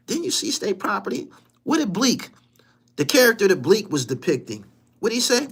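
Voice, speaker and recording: A podcast host launches into a heated, profane rant, mocking his target and repeating lines for emphasis. His delivery is a little slow with big pitch swings, leaping from loud, high outbursts down to low, muttered asides.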